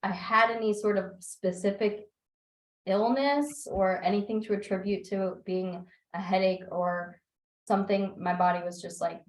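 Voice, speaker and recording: A young woman speaking at normal speed in a mid-range voice joins a book club video call, its audio sounding roomy. She tells animated, laughter-filled stories and acts out her own past remarks in playful voices.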